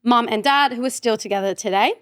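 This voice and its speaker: A woman's voice: fairly high pitch, a little fast, smooth, dry recording, studio quality. An Australian woman in her twenties, a podcast guest chatting casually, giggly and rambling. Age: 20s. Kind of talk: casual chat.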